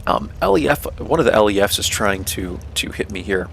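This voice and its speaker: A man's voice: lowish voice, expressive, fairly quick, creaky, a bit bright, slight background noise. A young man with a North American accent, casually talking through his own tank game, explaining tactics with lots of "um", "right?" and "man". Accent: North American English. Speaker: gameplay commentator. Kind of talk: casual gameplay commentary.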